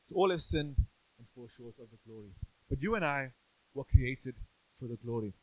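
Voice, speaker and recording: A man's voice: mid-range voice, lively intonation, normal speed, darkish tone, rough recording. A male pastor giving a sermon in a church, conversational and playful, often asking the congregation questions.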